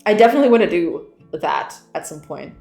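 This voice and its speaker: A woman's voice: fairly low pitch, animated, a little fast, gravelly, darkish tone. Giggly woman chatting on a stream. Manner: giggly, chatty, reads chat aloud. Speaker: game developer streamer. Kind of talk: casual livestream chat with viewers. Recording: roomy echo with faint background music.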